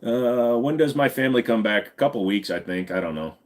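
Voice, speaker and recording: Lively man hosting a live stream. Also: medium pitch, brisk. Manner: answers viewer questions, slips into silly voices. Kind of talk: casual live-stream chat.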